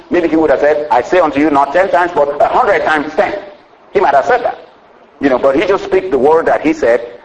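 A man preaching a sermon in a folksy way, often saying "you know" and laughing as he explains, acting out the scripture's dialogue. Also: poor audio. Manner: acts out the scripture's dialogue with jumps in pitch.

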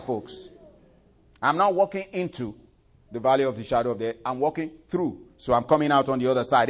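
Preacher swinging from hushed to booming. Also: male voice, a little fast. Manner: swells loud and high when reciting scripture, drops low and soft in asides; leads congregation in call-and-response and prayer. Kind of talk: sermon.

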